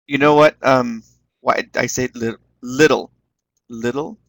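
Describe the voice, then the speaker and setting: A man's voice: medium pitch, fairly even intonation, measured pace, fairly bright tone, no echo. A man leading an online teaching webinar, encouraging the class and repeating words as he explains them. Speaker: webinar instructor.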